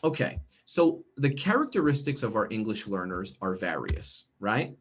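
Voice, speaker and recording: Over a video call, a middle-aged American man runs a teacher training workshop, his fairly low voice sing-song at a normal speed. The professional development talk is chatty, peppered with frequent "okay?" and "right?" check-ins.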